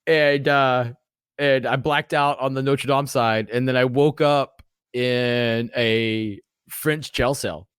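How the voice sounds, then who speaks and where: A man's voice: medium pitch, slow, clear, resonant tone, no room sound, clean studio sound. A man in his forties, a podcast guest, telling rambling, profane stories in a casual way. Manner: profane, rambling, animated retelling. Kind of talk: casual storytelling.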